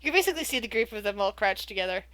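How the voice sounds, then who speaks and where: A woman's voice: medium pitch, expressive, racing, fairly bright tone. A woman acting as game master, narrating a tabletop game with frequent restarts and hesitations. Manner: hesitant, restarts often while describing.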